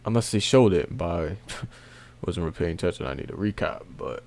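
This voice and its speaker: A man casually recapping a comic chapter, rambling with many fillers and soft laughs. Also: deep voice, expressive, a little fast. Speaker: manga recap video host.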